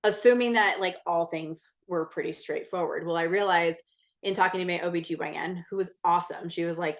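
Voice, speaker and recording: A woman's voice: fairly low pitch, steady tone, brisk. A woman guest in a casual interview, telling a personal story in a candid, intense way, swearing freely and filling her talk with "like". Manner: chatty, many "like" fillers. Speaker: podcast guest.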